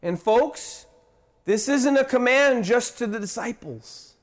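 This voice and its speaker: A man preaching a sermon as a pastor. He is impassioned, repeats phrases for emphasis, asks rhetorical questions, and swings between loud declarations and quiet, dropped endings. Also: very high voice, lively intonation, slow pace. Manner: impassioned, rising and dropping sharply in loudness.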